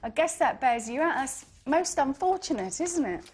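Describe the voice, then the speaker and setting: A woman with a southern English accent hosting a radio phone-in, chatty and quick to laugh. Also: high-pitched, big pitch swings, slight background noise. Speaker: radio presenter.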